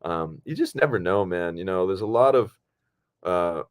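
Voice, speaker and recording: A man's voice: low voice, animated, moderate pace. A man chatting casually as a podcast co-host, easygoing and rambling with plenty of fillers. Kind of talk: casual film podcast chat.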